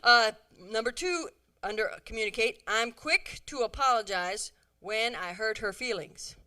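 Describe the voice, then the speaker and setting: A middle-aged woman giving a humorous talk to a church audience, animated and chatty, acting out bits of dialogue. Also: fairly high pitch, a little slow. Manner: animated, acts out quoted dialogue, chatty asides. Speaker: women's conference speaker.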